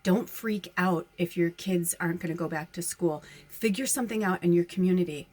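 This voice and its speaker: Woman, spiritual host, casual chat, rambling, laughs often, a bit low-pitched. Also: brisk, a little mellow. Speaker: spiritual medium and channel host.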